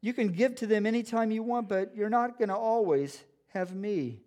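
A man voicing a teacher who firmly defends a woman against critics, with a stern and pleading tone, in a high voice. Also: normal speed, darkish tone, lightly acted. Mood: firm rebuke.

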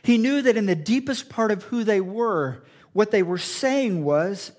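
A man pastor preaching an earnest sermon, acting out quoted thoughts in a low muttering tone. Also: animated, unhurried, a little mellow.

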